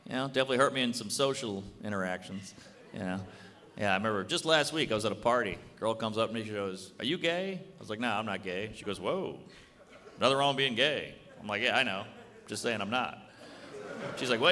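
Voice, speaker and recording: A man doing stand-up comedy, brash and deadpan, acting out quick back-and-forth exchanges on stage. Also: mid-range voice. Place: comedy club stage before a live audience. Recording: live club recording with reverb and crowd.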